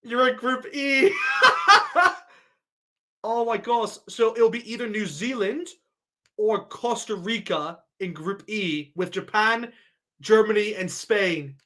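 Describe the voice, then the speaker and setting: Excitable high-voiced man reacting live. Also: unhurried. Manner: excitable, thinks aloud, keeps addressing viewers. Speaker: sports vlogger.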